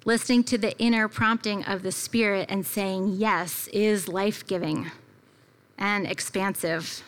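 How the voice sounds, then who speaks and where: A woman's voice: medium pitch, fairly even intonation, a little slow. A woman preaching a conversational sermon, telling a personal story in a reflective way with casual fillers. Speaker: preacher at a church gathering.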